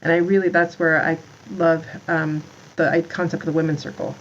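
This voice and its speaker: Woman, thirties, podcast guest, rambling casual talk, slightly low voice, muffled sound. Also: little pitch movement, fairly quick, slight background noise. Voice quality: rambling, lots of "like" and restarts. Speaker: podcast guest, founder of a moms' community.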